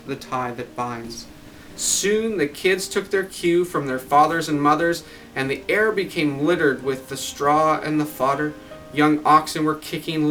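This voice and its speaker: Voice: medium pitch, rough recording. Storyteller reciting holiday verse over guitar. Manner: measured storybook cadence. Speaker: poem reader. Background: guitar music.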